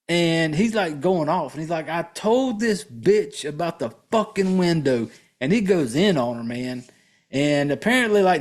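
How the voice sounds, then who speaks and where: A man's voice: fairly high pitch, a little mellow. A man hosting a podcast, recapping a horror film in a casual, blunt and profane way, rambling with fillers and restarts and talking straight to his listeners.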